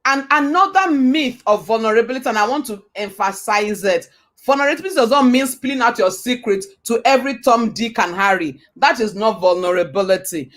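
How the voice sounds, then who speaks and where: A woman with a fairly high voice delivers a motivational talk. She hammers each point home by repeating it and throwing rhetorical questions at the listener. Her delivery has a preacher's cadence. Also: lively intonation, fairly quick, fairly bright tone. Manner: emphatic and repetitive, with rhetorical questions; preacher-like, quotes scripture. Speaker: motivational speaker.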